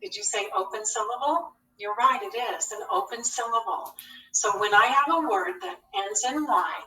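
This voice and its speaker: Woman teacher, phonics lesson, slow and patient, bright voice, echoey room away from the mic. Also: mid-range voice, recorded from a distance, slight background noise. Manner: slow, patient, asks questions and answers them.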